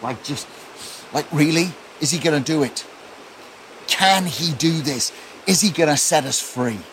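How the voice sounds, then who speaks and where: A man preaching a sermon as pastor, telling the story in an earnest, quietly intense way. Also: on the high side, unhurried, slight background noise.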